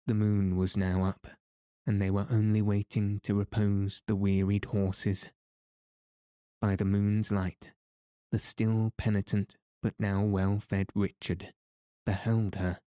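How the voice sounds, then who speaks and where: A man narrating a historical novel aloud in a measured storytelling manner. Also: on the low side, level tone, mellow, no echo, studio quality. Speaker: audiobook narrator. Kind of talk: scripted narration.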